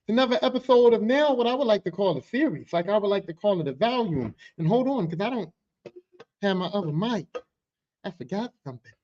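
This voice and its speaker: Animated, profane man hosting a podcast. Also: sits high, a little fast, highs cut off. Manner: animated, profane, joking storyteller. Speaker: podcast host. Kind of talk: casual podcast monologue. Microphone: podcast microphone.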